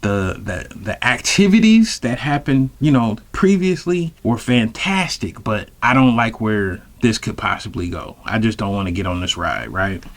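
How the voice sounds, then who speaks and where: A man's voice: on the low side, big pitch swings, normal speed, few pauses. Guy rambling thru a funny story, lots of slang, keeps checking in with the listeners. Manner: rambling, loose slang-heavy delivery; addresses listeners directly. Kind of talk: comedic storytelling.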